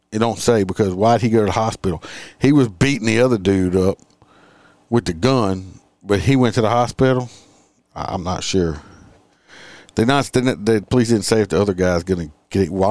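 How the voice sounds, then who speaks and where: A man's voice: fairly low pitch, darkish tone, dry recording. A man hosting a casual livestream, reading out crime stories and chatting with his viewers in a sarcastic, profane, rambling way.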